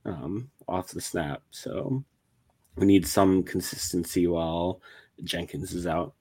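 Sex: man. Role: podcast panelist. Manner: short, offhand remarks. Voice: low, husky. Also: takes it slowly, darkish tone. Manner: brief, offhand comments. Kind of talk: casual sports podcast chat.

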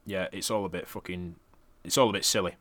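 A man's voice: low-pitched, steady tone, fast talker, fairly bright tone, no echo. A man co-hosting a podcast, recapping matches in a laid-back, dry way with casual swearing. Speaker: podcast co-host.

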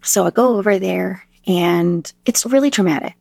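A woman in her thirties, a podcast guest telling stories in a casual, animated way and acting out the dialogue she quotes. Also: mid-range voice, normal speed, creaky, no room sound, clean studio sound. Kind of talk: casual storytelling interview.

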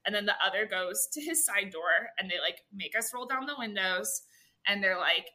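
A young woman telling a story in casual chat, animated and full of fillers, acting out what people said. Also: medium pitch, normal speed. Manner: animated, filler-heavy, acts out quotes.

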